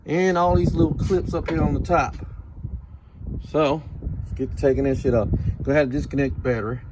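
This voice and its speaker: A man's voice: a little high, fairly even intonation, fairly quick, noisy background. A man narrating a casual do-it-yourself car repair, swearing freely and joking with dry sarcasm while he works on a car. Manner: profane, sarcastic, laid-back. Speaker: DIY car repair vlogger. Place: garage or driveway, working on a car.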